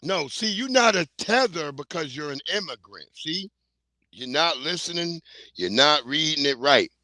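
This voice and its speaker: Here a middle-aged man from New York runs a livestream, ranting casually in a blunt, heated and profane way. On the high side, his voice is bright and forceful, with lively intonation, normal speed and no echo.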